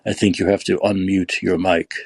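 A man's voice: deep voice, level tone, moderate pace, creaky, a little mellow, breathy edge, no echo. A man hosting a podcast, ranting angrily and profanely, sounding tired and upset. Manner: profane, scornful. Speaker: podcast host. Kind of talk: angry political rant.

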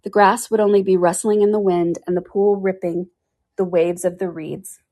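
A woman narrating a classic storybook in a steady, measured way for a podcast. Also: mid-range voice. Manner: steady, measured reading aloud. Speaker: reader.

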